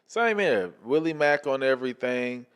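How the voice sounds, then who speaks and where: A man, a comedian guest on a podcast, chiming in with short agreeing replies and gentle teasing. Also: medium pitch, animated, normal speed, smooth. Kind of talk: casual podcast chat.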